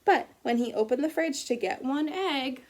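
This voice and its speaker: A woman teacher reading a picture book aloud to children, gently pausing to ask them questions about the story. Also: high voice, expressive. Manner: gentle, asks children questions as she reads.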